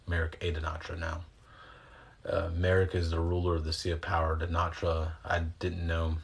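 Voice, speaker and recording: A man with a low voice talks to his viewers in a loose, wandering way, full of slang and the odd curse word. He answers chat questions and talks them through breathing exercises, recorded on a phone. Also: completely flat delivery, normal speed, gravelly. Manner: rambling, loose and slangy, with mild swearing. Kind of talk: casual livestream chat and guided breathing instruction.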